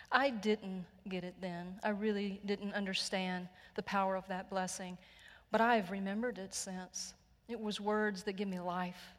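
Gentle Texan woman preaching in a hall. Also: medium pitch. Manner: gentle, earnest storytelling with soft hushed passages. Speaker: pastor. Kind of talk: sermon. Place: church sanctuary.

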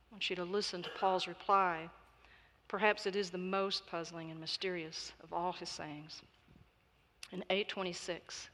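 A woman preacher giving a sermon in a measured, emphatic style. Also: on the low side, level tone, a bit bright. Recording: long reverb of a large hall.

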